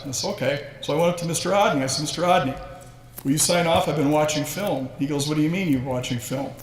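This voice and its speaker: Speaking fast in a fairly high-pitched voice, a man in his sixties tells story after story in a funny, self-deprecating induction speech. The sound is echoey, like a hall, with faint ambience.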